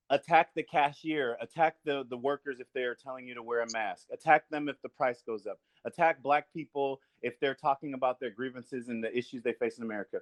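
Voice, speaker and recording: A man hosts a podcast in casual discussion, speaking earnestly and building his points through repetition. His voice is mid-range, and the recording is dry.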